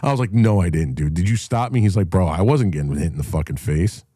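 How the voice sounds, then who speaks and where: A man's voice: deep voice, expressive, quick pace, warm tone, dry recording, clean studio sound. A man hosting a casual call-in chat, telling stories in a blunt, profane way. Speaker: show host.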